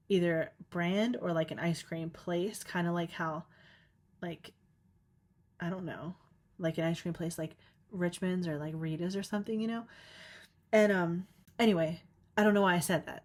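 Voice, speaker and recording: Young woman rambling on her podcast, giggles a lot, says like constantly, kinda low voice. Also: a little mellow. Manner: rambling, giggly, lots of "like" fillers. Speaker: podcast host. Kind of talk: casual solo podcast monologue.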